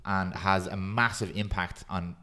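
A man hosting a podcast, chatting casually and reading a poem aloud in a steady, earnest way. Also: low voice, unhurried. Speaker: podcast host.

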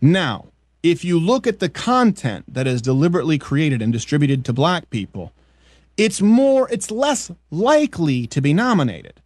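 A man's voice: fairly high pitch, sing-song, normal speed, a little mellow, no room sound. A man from French Canada hosting a podcast, riffing in opinionated, jokey rants in casual comedic chat. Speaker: podcast host.

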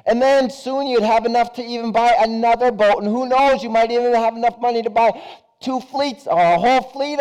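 A man's voice: high voice, dark tone, pitched above the performer's own voice, poor audio. A man voicing a pushy, restless rich entrepreneur who presses his case urgently, told as a parable in a sermon. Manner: urgent, hard-selling.

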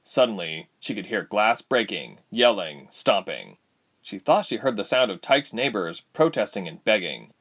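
A man reading a story aloud, expressive and lively. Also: on the low side, moderate pace, husky. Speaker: narrator. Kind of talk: storybook narration.

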